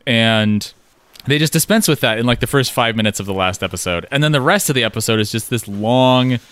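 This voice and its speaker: A man's voice: medium pitch, a little fast, clean tone, no room sound. A man chatting casually as a co-host, rambling with fillers, swearing and laughing as he critiques. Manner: rambling, profane, animated with laughs.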